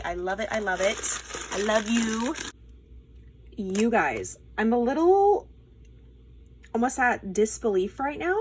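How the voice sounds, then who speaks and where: A woman hosting a casual crafting unboxing, excited and gushing, with frequent fillers. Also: mid-range voice, slightly rough. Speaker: crafting channel host.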